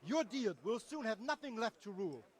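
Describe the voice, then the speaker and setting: An actor playing a stubborn German villager who lectures others with haughty confidence. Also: male voice, high-pitched, very animated, brisk. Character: stubborn German villager defending a rival king.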